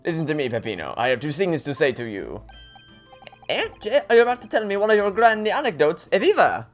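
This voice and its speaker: A grandiose French noble schemer speaks in a pompous, put-on French accent, voiced by a man. He stays stern and self-assured, with lively pitch in a game voice-over. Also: a little fast, soft background music.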